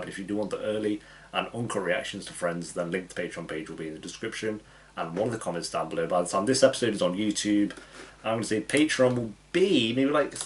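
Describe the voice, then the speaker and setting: A man hosting a reaction video, chatting casually and laughing often, his voice dry and croaky from a cough. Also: deep voice, slight background noise. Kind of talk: casual chat to camera.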